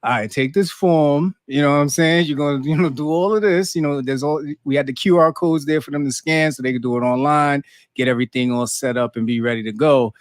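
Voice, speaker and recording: A man's voice: a little high, fast, dry recording. Laid-back male podcast co-host, dry sound. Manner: relaxed, lots of fillers like "you know". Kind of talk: casual chat.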